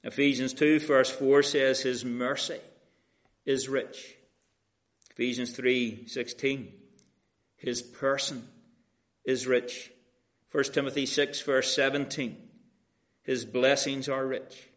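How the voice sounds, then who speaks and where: A man's voice: mid-range voice, flat delivery, takes it slowly, long pauses, a bit bright. A male pastor, preaching an earnest sermon and citing scripture verses.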